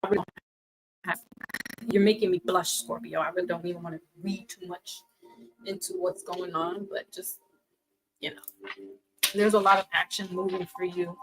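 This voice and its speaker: A woman's voice: on the low side, fairly even intonation, moderate pace, pauses often, low-quality recording. A woman giving a casual tarot reading, chatty and teasing, laughing often as she talks. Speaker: tarot reader.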